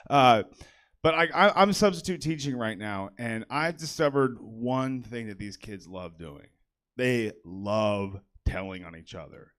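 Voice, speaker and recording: A young man doing a stand-up set in a comedy theater, working the crowd. He talks in a loose, rambling way full of fillers and pokes fun at himself. His voice sits at an ordinary middle pitch for a man. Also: a bit bright. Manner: chatty, self-deprecating, full of "like" fillers.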